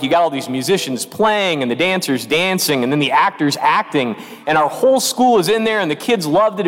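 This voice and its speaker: A man preaching a homily as parish priest, telling stories with animated quoted voices, recorded in a church. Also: fairly high pitch. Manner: storytelling with lively quoted voices. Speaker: pastor. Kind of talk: sermon. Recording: long reverb of a church.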